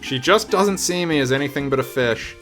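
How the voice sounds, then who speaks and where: Man, live game stream, wry and self-deprecating, swears a lot, mid-pitched voice, game music playing clearly behind. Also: expressive, brisk. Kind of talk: casual live-stream commentary.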